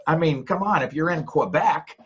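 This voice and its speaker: Lively older American man, slightly muffled. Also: on the high side, normal speed, slight background noise. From United States. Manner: chatty, laughs often, repeats words. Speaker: podcast guest, ghostwriter. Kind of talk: casual interview chat.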